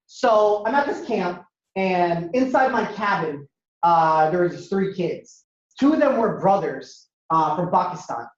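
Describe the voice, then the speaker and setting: Animated young man in an echoey hall. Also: a little slow. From Ohio. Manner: animated, acts out characters with sudden jumps in pitch. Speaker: comedian and speaker. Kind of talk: storytelling stand-up talk to an audience. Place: university lecture hall. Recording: echoey hall, dull lo-fi sound.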